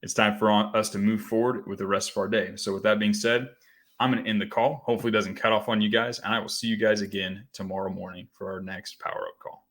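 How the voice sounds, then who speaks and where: A man's voice: on the low side, little pitch movement, quick pace, a bit bright. A man from the Rocky Mountain region of the US hosting a morning motivational call, telling a story in a conversational way with frequent asides and restarts. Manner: conversational, repeats "right?", restarts phrases.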